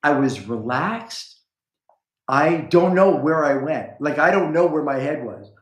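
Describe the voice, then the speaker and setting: A man telling a long story in a casual chat, rambling with restarts and acting out quoted lines with big jumps in pitch. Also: a little slow, roomy sound, rough recording. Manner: animated, acts out quoted lines with a jumping pitch.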